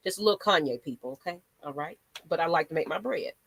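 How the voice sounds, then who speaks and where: Sassy, animated woman ranting about football. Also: low-pitched, quick pace, gravelly, husky, dry recording. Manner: sassy, dramatic, rants with mock voices. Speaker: sports channel host. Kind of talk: animated fan commentary.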